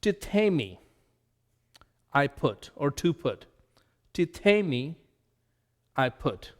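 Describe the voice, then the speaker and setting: Slow, deliberate man drilling vocabulary. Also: fairly high pitch, big pitch swings, big-room sound. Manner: slow, deliberate repetition of each word. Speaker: Greek teacher.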